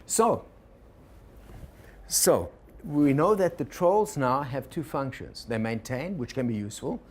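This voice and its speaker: A man's voice: medium pitch, lively intonation, unhurried, a little mellow. A man teaches a workshop in a mid-range voice, retelling a fable and slipping into quoted inner voices as he goes. He keeps checking in with his listeners through questions. A faint hiss of background noise sits under the recording. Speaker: organizational consultant teaching a workshop. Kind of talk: workshop lecture.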